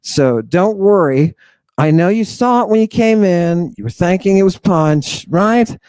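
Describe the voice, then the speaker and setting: A man's voice: high-pitched, expressive, unhurried, a little mellow, smooth, dry recording. A man hosting an irreverent, theatrical lecture, mocking and talking straight to his audience. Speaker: host. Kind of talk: irreverent lecture on ancient texts.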